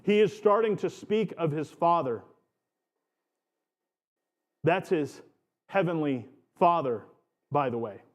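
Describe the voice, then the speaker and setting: A man's voice: fairly high pitch, expressive, takes it slowly, long pauses. A man preaching a sermon as pastor of his church, earnest and emphatic, stretching out key phrases.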